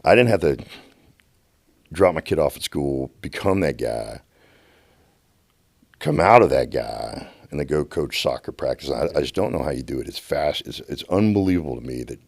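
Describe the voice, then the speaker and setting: A middle-aged man with a drawl and a strikingly deep, low voice tells stories as a podcast guest. He talks with passion, stumbling over repeated words and restarting his sentences. The sound is close and dry, with no room echo. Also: animated, moderate pace. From United States. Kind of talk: passionate storytelling. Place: podcast studio.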